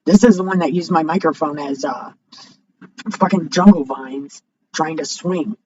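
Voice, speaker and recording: A woman's voice: low-pitched, moderate pace, slight background noise. Foul-mouthed woman vlogger on a heated home rant, dull lo-fi mic. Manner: profane, blunt, rising to shouting. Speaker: video blogger. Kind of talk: unscripted rant to camera. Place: home, with a cat nearby. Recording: dull lo-fi microphone.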